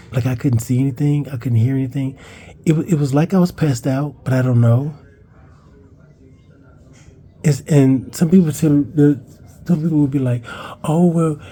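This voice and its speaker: A man with a dark, deeply mellow, mid-pitched voice and a breathy edge rambles through a childhood story for his vlog. He restarts, curses, and trips over his words. When quoting others, his pitch jumps up.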